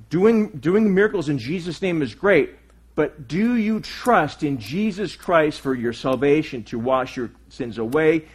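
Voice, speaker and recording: With a husky voice that sits on the high side, a pastor preaches in earnest, posing questions to the people before him and alternating loud emphasis with soft side remarks.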